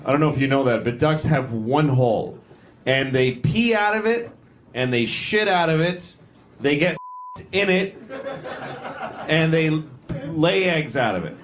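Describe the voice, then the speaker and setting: A man performing a stand-up comedy set in a club, rambling and interrupting himself. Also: on the high side. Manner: rambling, self-interrupting, acting out voices. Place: comedy club stage with audience. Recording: noisy live club recording.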